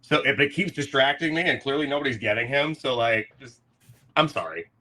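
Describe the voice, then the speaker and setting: Bright-voiced, joking man co-hosting sports chat. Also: medium pitch, brisk, a little hiss or hum. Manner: joking, apologetic, easygoing. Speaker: co-host.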